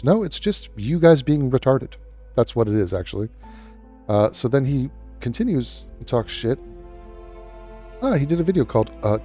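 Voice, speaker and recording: A man's voice: mid-range voice, warm tone. A man giving profane reaction commentary in a sarcastic, scornful tone. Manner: sarcastic, scornful, swears a lot. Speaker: commentary YouTuber.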